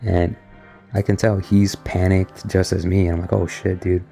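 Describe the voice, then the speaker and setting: Young man, very low flat voice, gravelly, mellow, rambling casual retelling, faint music behind. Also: moderate pace. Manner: loose and rambling, heavy on filler words. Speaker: vlogger recounting an experience.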